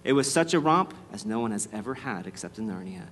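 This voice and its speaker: A man's voice: on the low side, lively intonation, fast talker, fairly bright tone, slight background noise. Man reading a storybook aloud. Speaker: devotional host reading aloud.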